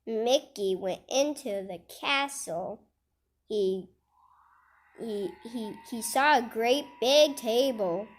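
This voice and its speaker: Woman reading a kids' picture book, slow and halting, highish voice, jokey asides, faint hiss behind. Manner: halting, repeats words, adds joking asides. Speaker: storybook reader. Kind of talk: reading a children's book aloud.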